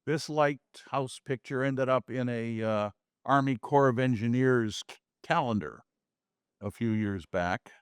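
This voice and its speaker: A man's voice: medium pitch, unhurried, clear, resonant tone, no room sound, studio quality. A man giving a casual slide talk about his photographs to a small audience, chatty, with folksy asides and jokes. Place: community meeting room.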